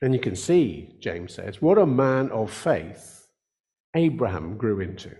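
An older man preaching a sermon, earnest in tone, slowing down to stress key words. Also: fairly low pitch, big pitch swings, warm tone. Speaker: pastor.

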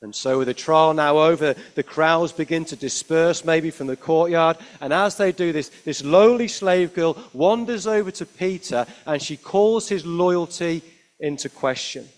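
Preaching with a fairly high voice and a measured pace, this man tells the story with expression. Rhetorical tag questions come often, and his delivery swells to emphatic peaks before falling to quiet lines.

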